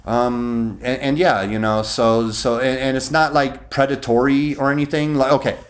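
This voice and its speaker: Man, casual rant, rambling, profane, stop-start sentences, mid-pitched voice. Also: little pitch movement, normal speed. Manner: rambling, profane, many restarts. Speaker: vlogger. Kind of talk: casual ranting monologue.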